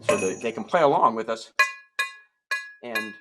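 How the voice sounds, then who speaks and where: A man's voice: lowish voice, lively intonation, a little slow, very noisy. A man performing a comic ventriloquist act, talking to his puppets in playful, stammering children's show patter. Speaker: musical ventriloquist.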